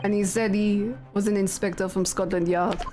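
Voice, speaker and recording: A woman voicing a no-nonsense cowboy with a mock Louisiana accent and a stern drawl, lower than her own voice. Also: flat delivery, moderate pace, lightly acted. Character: gruff cowboy man, no-nonsense. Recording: music playing behind the voice.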